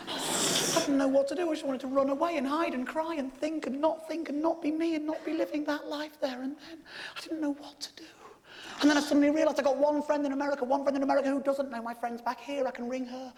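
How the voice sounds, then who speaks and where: Animated, high-voiced male stand-up storyteller. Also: fast, long reverb tail, slight background noise. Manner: animated, swears, sometimes shouts. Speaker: stand-up comedian.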